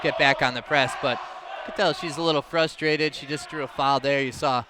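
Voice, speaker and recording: A man giving easygoing, chatty play-by-play commentary on a high school basketball game. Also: steady tone, normal speed, over a noisy crowd, very noisy. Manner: easygoing, chatty, laughs along with his partner. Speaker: play-by-play announcer.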